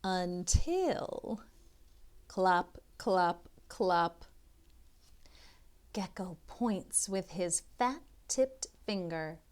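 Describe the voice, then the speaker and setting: A young woman and literacy tutor reading a children's picture book aloud, expressive and chatty, with asides to the listener. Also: lowish voice, drawn-out words, long pauses, clear, resonant tone.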